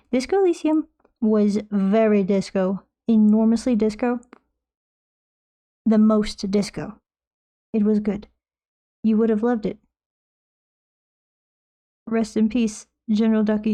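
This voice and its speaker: A woman's voice: mid-range voice, fairly even intonation, measured pace, long pauses, warm tone. A woman streaming while she paints, chatting in a rambling, jokey way and slipping into silly voices. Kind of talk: casual chat while painting.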